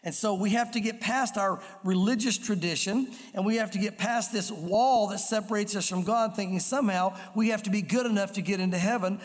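Pastor guy giving a sermon, pretty high voice, echoey hall, hammers his points home. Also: brisk, hardly any pauses. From Jewish background, raised on the Torah. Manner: emphatic, repeating key phrases. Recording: reverberant hall sound.

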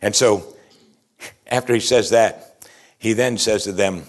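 A man preaching a sermon, emphatic and animated, asking his listeners rhetorical questions. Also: lowish voice, normal speed, long pauses. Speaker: pastor.

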